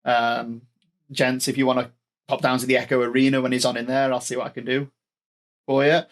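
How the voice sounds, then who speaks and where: Man, mid-pitched, upbeat co-host who keeps the chat moving. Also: little pitch movement, fairly quick. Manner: upbeat, agreeable, guides the conversation. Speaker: podcast co-host. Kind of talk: casual chat.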